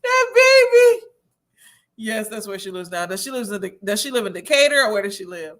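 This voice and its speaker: A woman's voice: medium pitch, animated, quick pace, fairly bright tone. A woman hosting a casual livestream, chatting and gossiping as she reads viewer comments, a little tipsy and laughing often. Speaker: host of a reality-TV review livestream.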